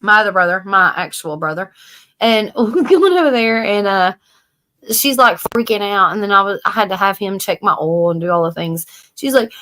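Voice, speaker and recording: A woman from the American South co-hosting a live stream, telling stories in animated casual chat and swearing freely. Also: medium pitch, moderate pace.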